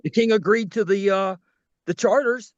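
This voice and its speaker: A man's voice: high-pitched, moderate pace, no echo. A man challenging others skeptically in a group discussion on a dull lo-fi call. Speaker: discussion participant. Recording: dry, dull lo-fi call audio.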